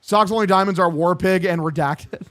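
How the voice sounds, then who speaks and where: A man's voice: sits high, normal speed, fairly bright tone. A young man streaming a baseball video game, calling plays like an announcer and ranting bluntly with lots of swearing. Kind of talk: casual gaming stream commentary.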